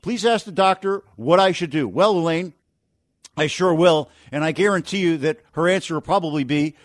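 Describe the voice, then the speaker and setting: Male talk radio host with a slightly high voice and a dry studio sound. Punchy and opinionated. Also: dry recording. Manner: brisk and opinionated, with rhetorical questions. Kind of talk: business talk radio with editorials.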